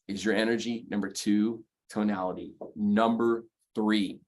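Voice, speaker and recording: Speaking with a fairly low pitch, a man coaches mortgage professionals in a motivational sales talk. His delivery is emphatic, and he repeats key phrases while working through numbered points.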